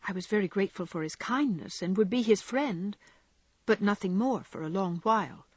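A woman voicing a gentle young woman who speaks in a pleading, distressed way. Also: medium pitch, animated, normal speed, slightly rough, no room sound. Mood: ashamed.

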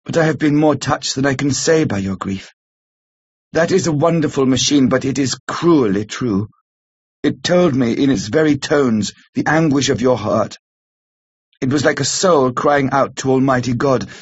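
An earnest young woman pleads gravely and gently, as a male reader gives her lines in his own husky voice. The recording is slightly muffled and lo-fi. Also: medium pitch, moderate pace, natural voice.

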